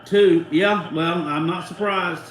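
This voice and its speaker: A man's voice: high voice, steady tone, slow pace, roomy sound, low-quality recording. A man hosting a live fan watchalong, reacting in a heated, profane, sarcastic way. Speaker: host of a fan watchalong stream. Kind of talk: live casual fan commentary.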